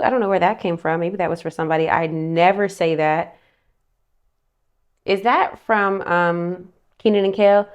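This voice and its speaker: A woman's voice: fairly low pitch, animated, moderate pace. A woman casually talking through a monthly tarot forecast, chatty and rambling, slightly out of breath. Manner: chatty, rambling, self-interrupting with asides. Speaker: tarot reader.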